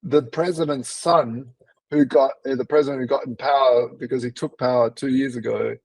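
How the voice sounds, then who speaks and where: Gravelly, husky male host. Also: mid-range voice, fairly even intonation, moderate pace, darkish tone, dry recording, rough recording. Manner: rambling storyteller with fillers and restarts. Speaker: interview host. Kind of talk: casual interview chat.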